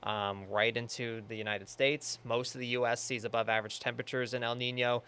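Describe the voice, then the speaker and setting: A young man, a TV meteorologist chatting casually about the weather in a news studio, relaxed with lots of fillers. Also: mid-range voice, fairly quick, smooth. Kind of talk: casual on-air weather chat.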